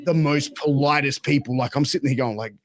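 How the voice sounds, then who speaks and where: A young Australian man hosts a podcast, his voice on the high side and fairly quick. He retells a story animatedly and casually, loaded with fillers and swearing.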